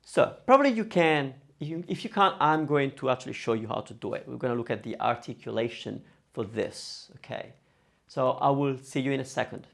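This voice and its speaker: A man teaching pronunciation in a casual video lesson, saying each word slowly and repeating it. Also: medium pitch, animated, creaky. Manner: demonstrates words slowly and repeats them. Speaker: Italian language teacher.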